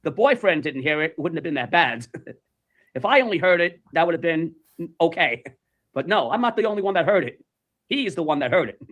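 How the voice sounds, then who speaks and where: A man's voice: on the high side, a little fast, highs cut off. A man telling a story in casual chat, animatedly acting out the voices of the people in it. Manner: animated, acts out quoted voices.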